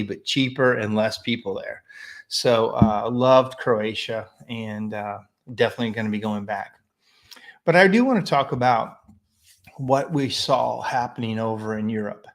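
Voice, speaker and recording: A man from the United States hosts a weekly live stream and speaks in a loose, rambling monologue. He sounds opinionated and talks straight to his viewers. His voice sits at an ordinary middle pitch. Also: measured pace. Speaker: host of a weekly live business show, chimney sweep.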